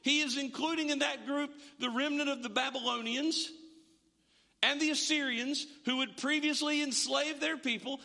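A man's voice: very high-pitched, steady tone, normal speed, gravelly, bright, forceful tone, big-room sound. A man preaching a sermon to a congregation, emphatic and often repeating words as he builds a point. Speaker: pastor.

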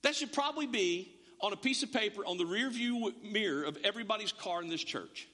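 In a church sanctuary, a male pastor gives a conversational sermon packed with stammering restarts and joking asides. His voice is high, expressive, bright and forceful, moving a little fast. Long church reverb fills the recording.

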